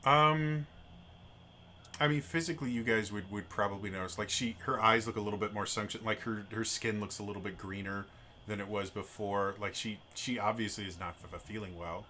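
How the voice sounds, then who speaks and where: A man narrating as game master of a tabletop game, casual and relaxed, with frequent fillers. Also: fairly low pitch, fairly quick, slight background noise.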